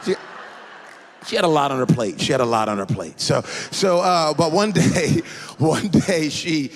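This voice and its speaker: Male pastor, gravelly and fairly high, animated sermon storytelling with many restarts. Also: moderate pace.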